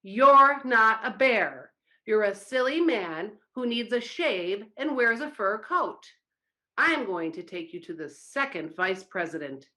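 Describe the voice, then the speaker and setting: Lady doing a grumpy vp guy, loud and slow. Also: medium pitch, lively intonation, voice pushed up. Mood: angry. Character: even angrier male company vice president.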